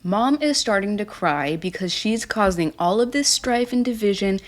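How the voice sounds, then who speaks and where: A woman's voice: medium pitch, lively intonation, normal speed. A woman casually recapping a reality show, blunt, snarky and exasperated.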